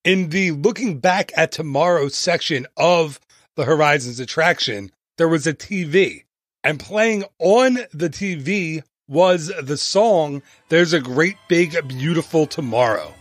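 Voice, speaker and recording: A man with a slightly raised pitch hosts a travel podcast in a chatty, playful way, tossing in jokey asides and little tangents. His voice sits close to the mic, and the sound is dry with no room echo. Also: animated, takes it slowly. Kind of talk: casual podcast narration.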